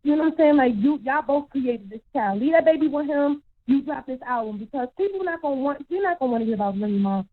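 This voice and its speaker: Female caller, high voice, blunt and animated, dry tinny phone sound. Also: fast talker, few pauses, dry recording. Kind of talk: opinionated phone call.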